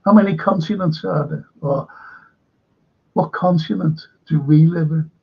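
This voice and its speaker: A man hosts a live-stream current-affairs show, ranting and swearing between shout-outs to viewers in the chat. He speaks unhurriedly in a slightly high, husky and gravelly voice, and the stream audio sounds dull and lo-fi.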